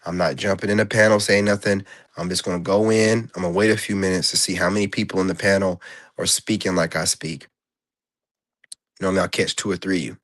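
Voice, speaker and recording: A man ranting in a casual vlog monologue, blunt and profane, rambling with lots of fillers. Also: sits low. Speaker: vlogger. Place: indoors.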